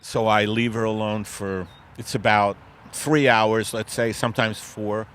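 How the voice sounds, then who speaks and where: A man's voice: fairly low pitch, steady tone, unhurried, a bit bright, a little hiss or hum. A man hosting a comedy podcast, riffing animatedly with bursts of laughter. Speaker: podcast host.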